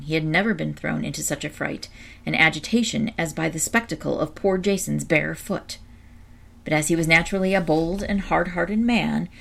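A woman narrating a storybook aloud in a measured, expressive way. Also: low-pitched, vocal fry.

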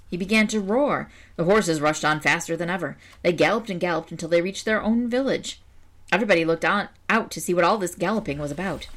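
Lowish woman reading folk tales expressively. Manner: expressive, animated. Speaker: storyteller.

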